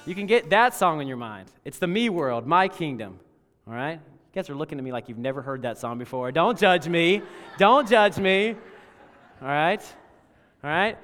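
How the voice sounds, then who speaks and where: A man preaching a sermon as pastor, telling a story and swinging between loud emphasis and hushed tones. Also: a little high, lively intonation, brisk, faint music behind. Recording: long reverb of a large hall.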